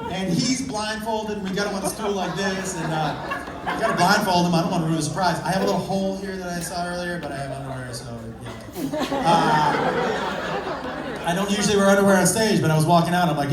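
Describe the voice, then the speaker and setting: A man telling a story in a stand-up set, punchy and loud at times, swearing freely. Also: high-pitched, very noisy. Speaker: stand-up comedian. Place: comedy club stage with a live audience. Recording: echoey, distant live club recording with a loud crowd.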